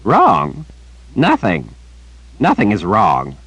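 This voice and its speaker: A man reading an audiobook, voicing an old male wizard who is gentle and grandfatherly toward a child. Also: fairly low pitch, wildly swooping pitch, takes it slowly, breathy edge, no echo, full character voice, rough recording. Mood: fond.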